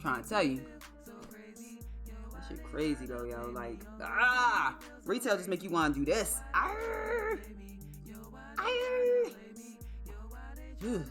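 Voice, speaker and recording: A woman's voice: deep voice, lively intonation, moderate pace, pauses often, music in the background. A young adult woman livestreaming, telling a story in a casual, exclamatory, profane way. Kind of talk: casual storytelling to a live stream.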